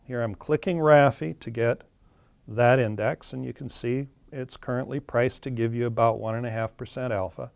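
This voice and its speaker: A man guides a webinar audience through charts in plain terms, adding some fillers and correcting himself at times. His mid-range voice is creaky and a little mellow, with fairly even intonation and a moderate pace. There's no room sound.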